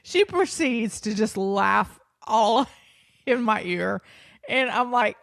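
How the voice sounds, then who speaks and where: A woman podcast host with a slightly high voice tells a story in a lively, self-deprecating way, laughing as she goes. She stumbles and restarts often while acting out what people said. The sound is dry and close. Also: slow, vocal fry, dry recording. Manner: acts out her own past thoughts and others' speech; frequent restarts and fillers. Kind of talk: personal storytelling monologue.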